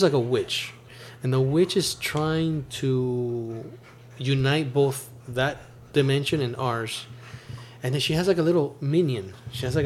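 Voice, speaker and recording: Guy chatting on a podcast, excited storyteller, laughs a lot, little bit of background hiss. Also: mid-range voice. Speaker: podcast host. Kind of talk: casual chat.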